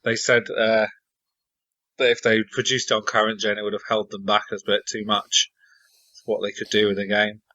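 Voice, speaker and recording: A man chatting casually as a podcast panelist in a relaxed, wry, measured way. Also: lowish voice, no room sound. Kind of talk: casual chat. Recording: slightly muffled lo-fi audio.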